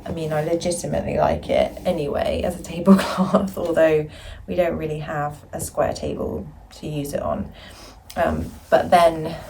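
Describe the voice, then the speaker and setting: A woman's voice: on the low side, creaky, dark tone, slight background noise, poor audio. A young woman talking casually to camera while sitting on a staircase at home, rambling a little and restarting her sentences. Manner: chatty and rambling, with hesitant restarts. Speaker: vlogger.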